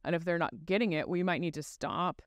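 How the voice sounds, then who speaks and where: Smooth-voiced woman explaining step by step. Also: lowish voice, fairly even intonation, a little fast, no room sound. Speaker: guest expert on child speech development. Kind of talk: explanatory podcast interview.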